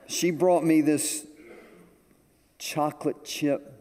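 An older man preaching a sermon, telling a story with animated delivery to a congregation. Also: a little high, takes it slowly. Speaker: pastor. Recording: echoey hall with long reverb.

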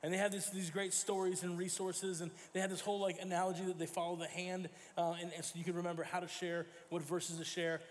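A man with a high voice preaches a sermon in a church sanctuary, and the words ring with a long reverb. He tells stories as he goes, acting out quoted voices and sometimes stopping to correct himself. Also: little pitch movement, fast talker, few pauses, a little hiss or hum. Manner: storytelling with acted quotes and self-corrections. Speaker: pastor.

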